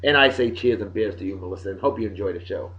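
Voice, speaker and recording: A man hosting a casual video blog, giving jokey shout-outs to friends in a boisterous way that swings between loud and soft. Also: sits low, quick pace. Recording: dull lo-fi sound.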